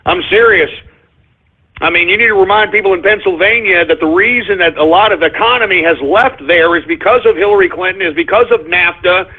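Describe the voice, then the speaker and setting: A man hosting a call-in radio show, ranting in a profane, irritated, blustering way. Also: sits high. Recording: phone-like narrow audio.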